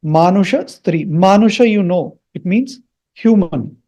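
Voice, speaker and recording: A man teaching the meaning of a Sanskrit mantra, slowly repeating each word for learners. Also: high-pitched, dark tone. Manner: slow, repeats words for learners.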